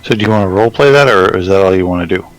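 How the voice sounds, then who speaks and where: A man's voice: low voice, racing, poor audio. A man narrating as game master of a tabletop game, describing scenes casually with frequent restarts.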